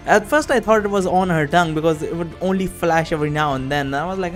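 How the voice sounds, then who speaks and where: Brief: casual gamer man, fairly high voice, cursing and chuckling, soft music under him. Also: fast talker, hardly any pauses. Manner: profane, laughing, casual. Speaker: gamer playing a text adventure. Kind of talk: let's play commentary and reading aloud. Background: background music.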